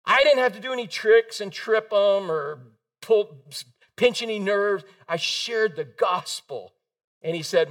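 Animated high-voiced preacher, mic at a distance. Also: male voice, measured pace. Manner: animated storytelling, acts out quoted voices. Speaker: pastor. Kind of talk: sermon.

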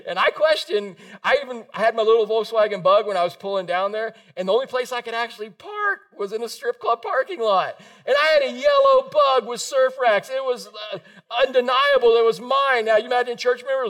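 A man preaches with a high voice, storytelling with animated energy and slipping into the voices of the people he quotes. His voice carries from a little way off the mic, as in a church hall. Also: moderate pace, distant mic. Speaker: pastor. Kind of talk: sermon.

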